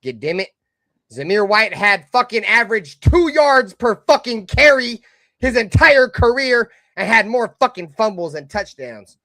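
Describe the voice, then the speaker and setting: High-pitched cursing fan ranting hotly. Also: male voice, very animated, measured pace, no echo. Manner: heated, cursing, swinging between loud outbursts and low mutters. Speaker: live stream host. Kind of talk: profane fan rant.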